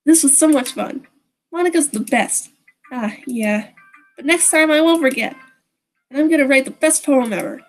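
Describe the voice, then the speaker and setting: High, giddy teen girl best friend, put on by a woman. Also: moderate pace, faint music behind. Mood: pouty.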